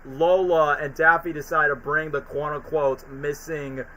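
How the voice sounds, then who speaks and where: A man's voice: fairly high pitch, steady tone, measured pace, pushed and bright, a little hiss or hum, poor audio. A man chatting casually on a stream, rambling about cartoons with lots of fillers. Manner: rambling, often sings and acts out cartoon lines. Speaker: streamer host.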